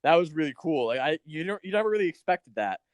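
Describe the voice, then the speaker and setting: A man's voice: fairly high pitch, very animated, fast, crowd noise. A man co-hosting a podcast, reviewing wrestling in a rambling, casual way, swearing and acting out little quotes. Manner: rambling, swears, acts out quotes in put-on voices. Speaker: podcast co-host.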